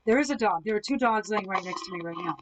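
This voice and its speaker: A woman hosting a live ghost hunting session, calmly asking the spirits questions from indoors at someone else's home. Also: mid-range voice, fast talker, rough recording. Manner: calm, coaxing questions to spirits. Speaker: ghost hunter host.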